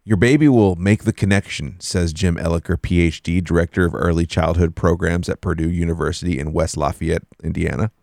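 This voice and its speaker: A young man talking in a relaxed, joking way with a low, gravelly voice. He speaks close to the mic in a dry room with no echo. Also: brisk, few pauses. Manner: relaxed, jokey, imitates voices for laughs. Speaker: podcast co-host. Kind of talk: casual chat.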